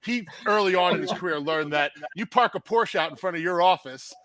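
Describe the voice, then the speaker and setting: A man, an insurance agent telling a wild story in casual podcast chat, animated and salty, building to loud bursts. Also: high-pitched, a little fast, dry recording. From New Jersey.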